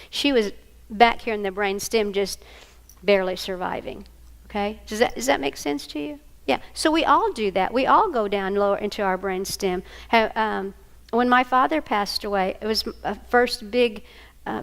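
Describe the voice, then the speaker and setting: A woman, teaching a workshop to a live audience, telling stories and checking in with her listeners. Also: mid-range voice. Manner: animated, storytelling, checks in with listeners. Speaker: workshop presenter.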